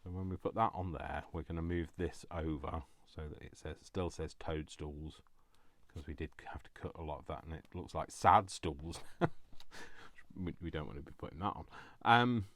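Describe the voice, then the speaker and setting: A man's voice: very deep voice, normal speed, fairly bright tone, dry recording. A man chatting casually to viewers while crafting, self-deprecating and talking to himself as he works. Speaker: crafting vlogger.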